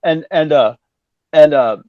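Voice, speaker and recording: A man in his fifties telling stories casually as a musician guest, animated and acting out the voices of other people he quotes. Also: a little high, a little slow, no echo. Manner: animated, acts out quoted voices, swears freely. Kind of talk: casual storytelling. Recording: dull dry lo-fi sound.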